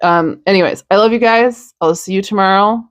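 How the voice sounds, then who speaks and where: A woman's voice: medium pitch, a little fast, no echo. A young woman hosting a news podcast, ranting bluntly in a casual, profane monologue, sounding tired.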